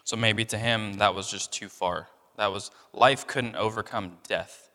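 A man's voice: on the low side, fairly even intonation, measured pace, sharp tone. Casual young man preaching in a reverberant hall. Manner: conversational, many fillers, acts out voices of people in the story. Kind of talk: casual sermon.

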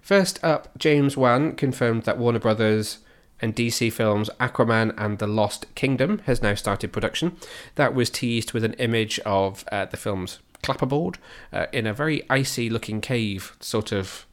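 A podcast host with a medium-pitched voice chats casually and jokes about film news and trailers, rattling off the headlines at a moderate pace with few pauses.

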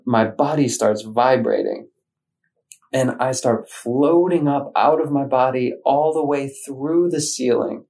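Man from Michigan, interview guest, lively storyteller who voices his own thoughts; mid-pitched, casual. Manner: animated, acts out his own inner voices.

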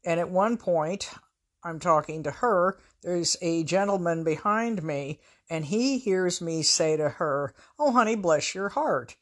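A woman's voice: lowish voice, slow. A woman from the US Pacific Northwest telling casual anecdotes in a wry, conversational, self-mocking way as host of her own storytelling show.

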